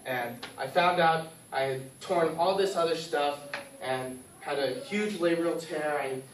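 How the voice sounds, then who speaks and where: A young man tells a personal story in a class speech, animated and acting out the things he said. His voice sits a bit high. He is recorded by a distant camera in a classroom that rings with echo. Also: unhurried, a little hiss or hum. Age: young adult. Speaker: student speaker. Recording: echoey room from far off.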